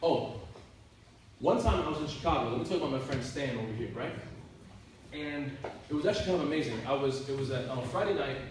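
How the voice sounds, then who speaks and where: Telling stories to a youth group, a youth minister chats casually with lots of filler words. He is animated and fast-talking but takes long pauses, with a medium-pitched voice. The room echoes, the mic sits far off, and faint hiss is audible.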